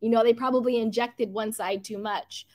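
A woman's voice: a little high, fairly even intonation, moderate pace, darkish tone. A woman hosting a casual gossip livestream, chatty and opinionated, reading out chat comments and laughing often. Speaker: livestream host.

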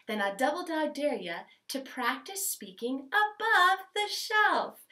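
A woman's voice: high-pitched, sharp tone, distant mic. A woman singer and voice coach giving an upbeat, chatty online voice lesson with playful dares.

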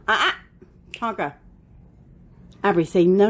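A woman's voice: medium pitch, sing-song, measured pace, pauses often, a bit bright. A woman at home, cooing and coaxing in sing-song baby talk to a toddler and a dog. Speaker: parent of the toddler and dog owner. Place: at home indoors.

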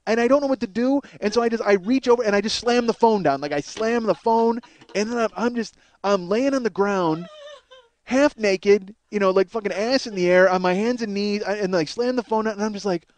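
A comedian host telling a crude personal story in a rambling, profane way, often repeating and restarting himself. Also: male voice, high voice, a little fast, darkish tone.

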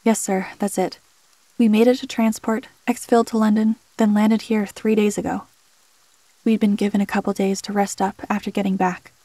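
A woman voicing a hot-headed young male rookie mercenary who is quick to protest. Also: medium pitch, flat delivery, warm tone, dry recording, natural voice. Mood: defensive.

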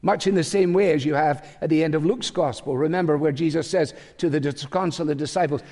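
A man's voice: a little high, fairly quick, hardly any pauses, a little mellow. Older male pastor preaching in a reverberant hall. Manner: conversational preaching with wry humorous asides. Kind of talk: sermon.

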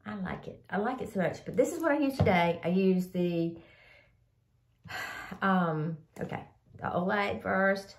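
Long pauses mark this older woman's a-little-slow, mid-range delivery as she casually talks to camera about products she likes, the audio reverberant. The vlogger rambles, is a bit sniffly from a cold, and says "y'all" to her viewers.

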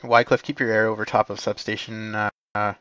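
A man commanding his team in an online game, giving brisk, polite tactical callouts and quick corrections. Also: on the low side, level tone, fairly bright tone, clear, resonant tone, no echo. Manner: brisk, polite, slightly apologetic. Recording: dull lo-fi mic capture.

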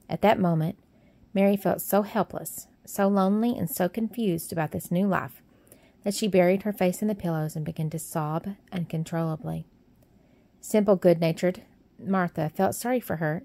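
A woman narrating a storybook in a steady, even storytelling manner. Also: fairly low pitch, moderate pace, no room sound. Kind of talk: storybook reading.

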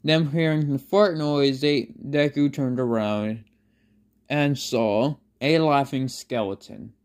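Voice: medium pitch, steady tone, takes it slowly, darkish tone. A fan storyteller improvising a story in a rambling way, full of fillers and self-corrections.

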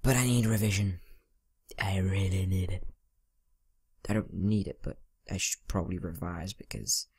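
A teenage boy with a low, slightly breathy voice hosts a gaming channel, giving rambling, casual let's-play commentary. He talks to himself and mumbles asides as he plays.

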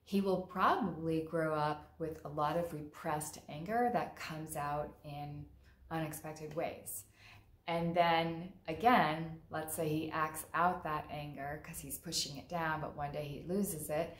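A woman's voice: low-pitched, fairly even intonation, measured pace, a little hiss or hum. A woman therapist speaking in a casual, frank and conversational way, acting out quoted lines vividly. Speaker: mental health therapist. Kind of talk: casual monologue talk. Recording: roomy echo.

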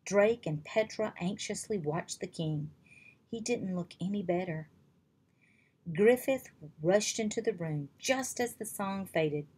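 Slow, breathy woman reading a storybook. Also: medium pitch, expressive, darkish tone. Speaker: reader. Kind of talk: reading a children's chapter book aloud.

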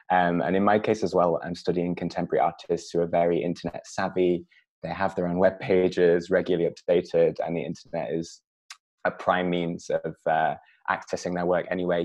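A man's voice: deep voice, darkish tone, dry recording. A young man answering interview questions over a video call, thoughtful and hedging with ums and uhs. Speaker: guest.

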